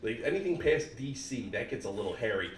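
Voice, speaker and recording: A man's voice: mid-range voice, big pitch swings, fairly quick, distant mic, a little hiss or hum. A man in his fifties with a Philadelphia accent, telling jokes on a comedy club stage in a brash, punchy way. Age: 50s. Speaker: stand-up comedian. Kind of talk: stand-up comedy set. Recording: echoey club mic from afar, loud crowd.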